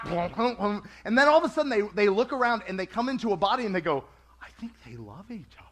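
His voice sits high as he preaches in an animated, conversational style, acting out quoted voices for the congregation.

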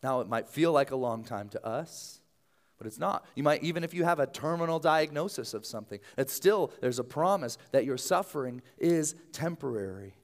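A man preaching a sermon as pastor, earnest and conversational, often dropping to a soft low voice. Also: lively intonation, normal speed.

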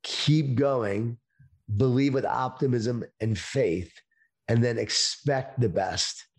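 A middle-aged man speaking as an interview guest, talking about leadership in a slow, emphatic motivational way over a video call. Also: mid-range voice, breathy edge.

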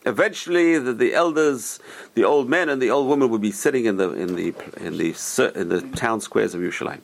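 Gravelly male Torah teacher telling stories. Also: medium pitch, fairly quick. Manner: lively, rhetorical questions, Hebrew terms. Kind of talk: storytelling Torah class.

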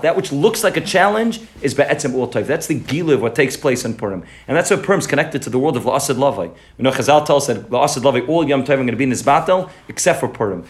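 A man giving an animated sermon with storytelling, emphatic and repetitive. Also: mid-range voice. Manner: animated and emphatic, repeating phrases. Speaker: rabbi giving a pre-holiday talk.

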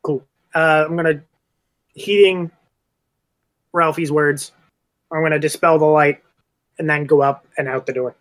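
A man with a fairly high voice plays in a tabletop game, describing his moves in a laid-back, joking way. He talks loosely and casually. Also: fairly even intonation, unhurried, long pauses, a bit bright. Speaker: player.

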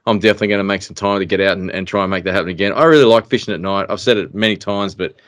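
Low-voiced Australian man telling a story. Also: rapid-fire. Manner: excitable, animated, often trails off in fillers. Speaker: podcast guest. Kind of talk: casual storytelling.

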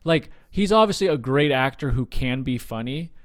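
A man co-hosting a podcast, thinking aloud about films in a halting, casual way with many restarts. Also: medium pitch, lively intonation, no room sound, clean studio sound. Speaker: podcast co-host. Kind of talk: casual film discussion.

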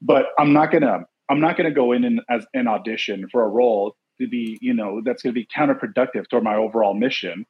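A middle-aged man from Los Angeles, a guest in a casual interview, who tells stories in an animated way over a video call. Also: medium pitch, fast talker, hardly any pauses, breathy edge, dull audio. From Los Angeles, USA. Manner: animated storyteller, acts out quotes. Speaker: interview guest, actor and producer.

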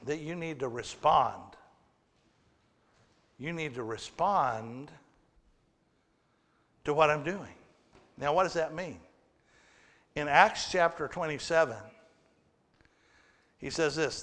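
A man with a high voice preaches at an unhurried pace. He teaches plainly, puts questions to the congregation and jokes with them. His voice carries a long reverb from a large church hall. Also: expressive, a bit bright. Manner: teaching with humor and audience questions. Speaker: pastor. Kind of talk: sermon.

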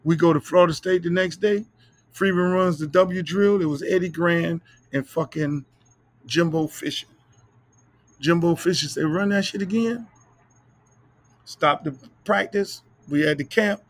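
A middle-aged podcast host tells stories in a casual, profane monologue. His voice has a gravelly edge and sits a bit high for a man. He talks loose and animated. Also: normal speed, no echo.

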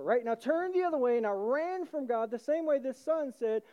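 A male pastor preaching a conversational sermon, swinging from loud asides to hushed, earnest lines and acting out the voices in the story. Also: extremely high pitch, animated, a little fast, few pauses, clear, resonant tone, dull audio.

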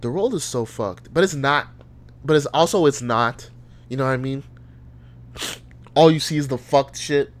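A man's voice: mid-range voice, normal speed, long pauses. A young adult man hosting a solo podcast, ranting and rambling with lots of profanity. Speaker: podcast host.

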